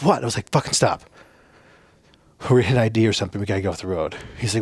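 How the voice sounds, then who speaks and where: A man's voice: on the low side, fast talker, breathy edge, dry recording. A man from a Navajo reservation, a podcast guest, telling stories in a rambling casual way with lots of fillers and cursing. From Navajo reservation, United States. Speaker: podcast guest, former soldier. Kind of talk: casual storytelling.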